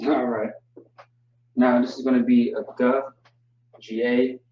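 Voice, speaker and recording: A man teaching a language class online, relaxed and joking, spelling words out slowly. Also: mid-range voice. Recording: distant, roomy, dull mic sound.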